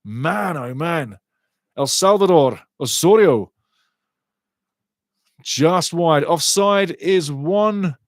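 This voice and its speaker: A man's voice: a little high, animated, very slow, pauses often, no echo. A man giving passionate live fan commentary on a match and chatting with viewers between plays. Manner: passionate, gets fired up over fouls. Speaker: watchalong commentator.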